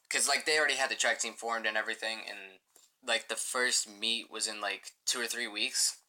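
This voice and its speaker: A man's voice: medium pitch, fairly even intonation, a little fast, bright, forceful tone. A young man rambling profanely through a casual storytime as a gaming channel host, full of filler words.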